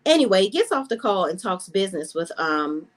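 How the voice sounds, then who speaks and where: A woman's voice: mid-range voice, very animated, brisk. A woman giving blunt, sassy casual commentary as a reality TV reviewer on her vlog.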